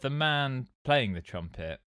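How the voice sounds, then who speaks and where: A man hosting a casual podcast chat, halting with lots of "uh" and often laughing. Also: mid-range voice, lively intonation, pushed and bright, clear, resonant tone, dry recording, studio quality. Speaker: podcast host.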